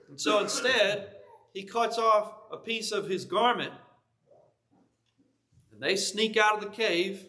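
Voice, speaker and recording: High-voiced storytelling preacher. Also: male voice, slow pace, long pauses, pushed and bright. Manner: conversational storytelling with vivid retelling. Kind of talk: sermon. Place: church.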